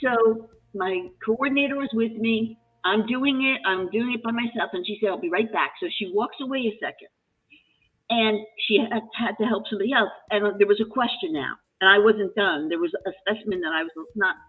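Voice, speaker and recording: A woman retelling a work story in casual chat, animated and emotional, with many restarts. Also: medium pitch, brisk, breathy edge. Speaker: live chat guest. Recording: tinny phone-line audio with faint music.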